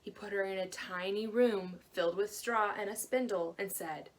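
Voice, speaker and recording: A woman librarian telling a fairy tale to children in a gentle, expressive way. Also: mid-range voice, normal speed, hardly any pauses. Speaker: librarian storyteller. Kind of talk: storytelling to children.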